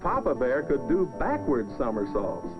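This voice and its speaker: A man narrating a children's storybook film in a gentle sing-song manner, on an old lo-fi soundtrack with music. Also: medium pitch, huge pitch swings, normal speed.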